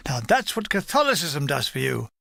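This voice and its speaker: A man reading a memoir aloud, voicing a dry, witty wartime soldier who is quick with a wisecrack. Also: a little high, sing-song, vocal fry, pushed and bright, no room sound, pitched below the performer's own voice, heavily acted. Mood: amused. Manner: wry, quick with a quip.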